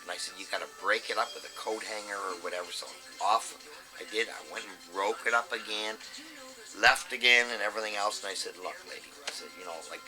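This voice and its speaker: Blunt man with a deep voice. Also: steady tone, brisk, over music, low-quality recording. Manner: blunt, salty, swears freely. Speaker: plumber telling a work story. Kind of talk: casual storytelling.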